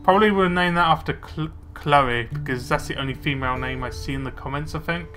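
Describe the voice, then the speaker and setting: Young guy chatting over his game, kinda high bright voice, mumbly asides. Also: brisk, faint music behind. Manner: chatty, muttering to himself while playing. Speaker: let's play gamer. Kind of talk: casual gameplay commentary.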